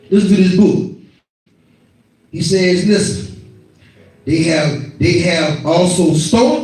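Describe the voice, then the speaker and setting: A middle-aged male preacher with a very high voice, delivering a fervent sermon with shouted, repeated lines. He sounds distant from the mic, and his voice rings through a very echoey worship hall. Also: measured pace.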